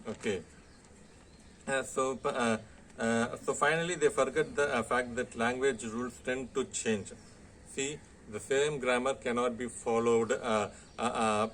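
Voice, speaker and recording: Man, Indian English accent, college lecturer, halting delivery, lots of "uh" and "okay", mid-pitched, faint background hiss. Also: a bit bright. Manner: hesitant, heavy "uh" fillers and frequent "okay". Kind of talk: classroom lecture.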